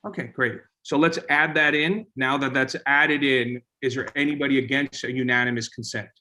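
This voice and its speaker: A man chairing a community board meeting, talking informally with many halting restarts. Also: mid-range voice, fairly even intonation, pushed and bright.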